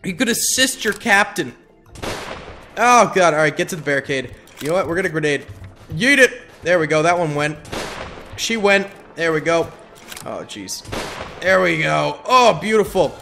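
A man's voice: on the high side, lively intonation, moderate pace, gravelly, bright, forceful tone, faint music behind. A young man hosting a gaming channel, giving goofy, hyped gameplay commentary full of yelps.

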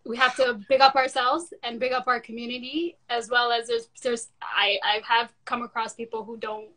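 Bright, enthusiastic woman moderating a panel. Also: fairly high pitch, level tone, moderate pace, poor audio. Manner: enthusiastic, uses Caribbean slang like "big up", asks long questions.

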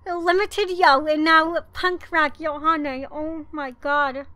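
A woman talks through her card pulls in a mobile game in a very high, bright voice. She speaks slowly and goes from pleading to dramatic outbursts. Faint game music plays behind her. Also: steady tone. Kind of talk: casual gaming commentary.

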